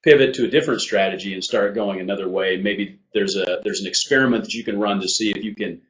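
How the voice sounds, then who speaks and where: A man from Iowa co-hosting a business show, explaining things in a measured, practical way. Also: on the low side, a bit bright, reverberant, lo-fi sound. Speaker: podcast co-host. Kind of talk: casual business chat.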